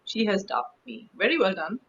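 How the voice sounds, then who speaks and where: A woman with a German accent, an actress guest chatting in an interview, telling stories in an animated way with frequent restarts. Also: mid-range voice, normal speed, slightly rough, dull audio. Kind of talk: casual interview chat.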